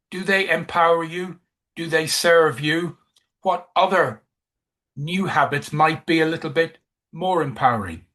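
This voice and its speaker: A man's voice: fairly high pitch, a bit bright. A man giving a coaching presentation, emphatic, who repeats key phrases.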